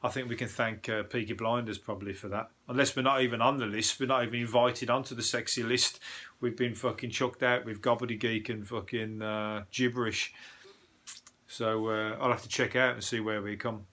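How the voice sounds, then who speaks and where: Man, Birmingham accent, bright forceful tone, rambling sweary news chat, comedian host. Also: medium pitch, little pitch movement, fairly quick. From England. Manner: rambling, sweary, joking asides with frequent fillers. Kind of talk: casual news review chat.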